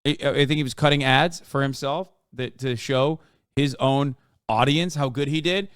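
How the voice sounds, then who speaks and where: A man in his thirties streams crude, sarcastic commentary on a political debate, swearing heavily and mocking people in put-on voices. His mid-range voice is fairly bright, with fairly even intonation and normal speed. The studio-quality recording has no echo.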